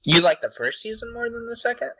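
A young man co-hosting a podcast, chatting casually with animated, incredulous reactions. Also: very high-pitched, fast, no echo, rough recording. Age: young adult. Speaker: podcast co-host. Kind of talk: casual chat.

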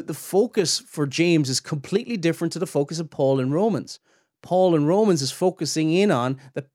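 A man's voice: fairly high pitch, no room sound. Earnest man teaching, dry close sound. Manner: emphatic, earnest, rises sharply when pressing a point. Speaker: podcast host and Bible teacher. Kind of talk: theological teaching talk.

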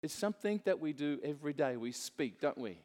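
A middle-aged pastor delivers his sermon, earnest and conversational, with a fairly high voice. He often turns to the congregation with asides. The sound rings with the long reverb of a church hall. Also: expressive, fairly quick, a little mellow.

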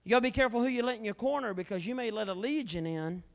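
High-voiced fiery male evangelist. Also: lively intonation, rapid-fire. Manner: fiery, swinging between shouts and hushed asides. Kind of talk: revival sermon. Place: church sanctuary. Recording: long church hall reverb.

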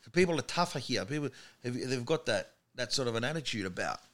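A man's voice: medium pitch, fast. A man with an Australian accent, chatting as a guest on a studio podcast and acting out the people he tells stories about. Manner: animated storyteller who acts out quotes. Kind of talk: casual chat.

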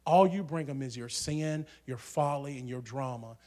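A man preaching a sermon in a church, swinging from hushed asides to loud, shouting peaks. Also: mid-range voice, moderate pace.

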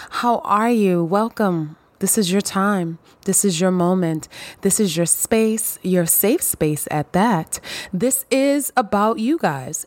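A woman's voice: mid-range voice, dry recording. A woman hosting her own podcast in a casual monologue, playful and sassy, drawing out her words and dropping in little hums of agreement. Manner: playful, giddy, sassy, with drawn-out affirmations. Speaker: podcast host.

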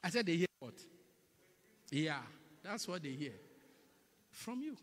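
High, lively preacher in an echoing hall. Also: male voice, a little slow. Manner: emphatic, repetitive, mocking impressions. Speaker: pastor. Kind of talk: sermon. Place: church. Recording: long reverb in a large hall.

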